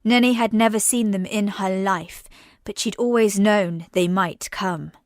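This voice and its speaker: A woman narrating a science-fiction audio drama in a measured, unhurried voice. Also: medium pitch, dry recording, studio quality.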